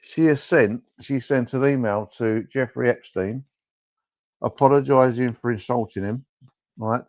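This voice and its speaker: A man's voice: medium pitch, measured pace, no room sound. A man, co-hosting a casual comedy podcast, joking and agreeing a lot. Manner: jokey, agreeable, many yeahs. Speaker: podcast co-host.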